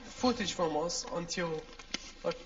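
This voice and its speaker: High-voiced man, joking and loose. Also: a little slow, a bit bright. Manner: joking, loose, swears casually. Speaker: reality show housemate. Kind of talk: casual chat. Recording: muffled.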